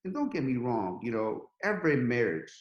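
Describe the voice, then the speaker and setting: A middle-aged man, a podcast guest, telling a story in a lively, casual way and acting out the quotes. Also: mid-range voice, moderate pace, echoey room, highs cut off. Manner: animated, acts out quotes in a rising voice.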